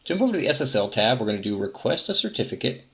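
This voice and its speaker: A man hosting a tech tutorial, casually narrating each step of a software setup and correcting himself as he goes. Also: medium pitch, very animated, rapid-fire. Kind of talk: screen-recorded software walkthrough.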